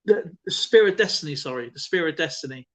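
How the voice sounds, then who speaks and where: A man's voice: on the high side, animated, quick pace, fairly bright tone. A man co-hosting a live stream in casual chat, rambling with many fillers and restarts.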